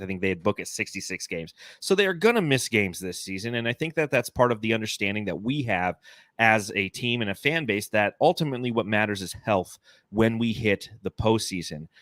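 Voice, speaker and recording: A man in his forties hosting a casual sports podcast, talking in an animated, rambling, enthusiastic way. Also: fairly low pitch, dry recording, studio quality. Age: 40s. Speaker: podcast host.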